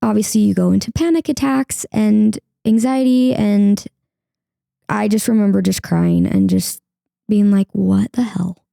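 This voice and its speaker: A woman's voice: mid-range voice, measured pace, creaky, dark tone, no echo, studio quality. A young woman speaking as a podcast guest, sharing a personal story candidly and acting out her own past words. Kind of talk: emotional personal interview.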